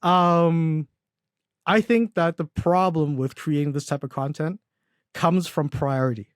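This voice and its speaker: A young man with a slightly high voice speaks at a measured pace, recorded with studio quality and no room sound. He's a podcast guest and agency founder, chatting casually in an interview, rambling with many fillers and restarts and laughing at his own stories.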